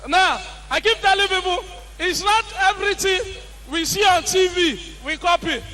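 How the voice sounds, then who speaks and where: A young man with a Nigerian accent doing animated stand-up comedy on a live stage, acting out the people in his stories. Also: very high voice, moderate pace, poor audio. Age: young adult. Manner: animated storytelling, acts out quoted characters with shouts.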